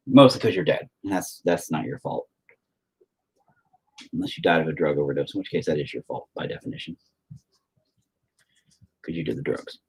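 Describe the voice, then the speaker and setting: A foul-mouthed man rants and jokes to his viewers while painting, his low, husky voice swinging widely up and down. He curses at nearly everything, including himself, in a loose, self-mocking way. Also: lively intonation, moderate pace, long pauses, poor audio. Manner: profane, ranting, self-mocking. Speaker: painting vlogger. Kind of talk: casual talk while painting.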